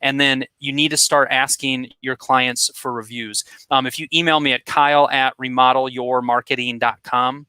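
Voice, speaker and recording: A man giving direct, energetic marketing advice as a guest expert, talking casually with quick asides. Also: mid-range voice, clean tone, dry recording. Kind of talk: conversational coaching advice.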